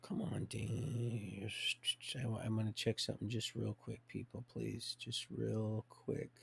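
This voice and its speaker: Gravelly guy rambling on a stream, lots of restarts, talks about god and dreams. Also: fairly low pitch, flat delivery, a little slow, slight background noise. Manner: rambling, restarts often, religious talk. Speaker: livestreamer. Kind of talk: rambling personal monologue.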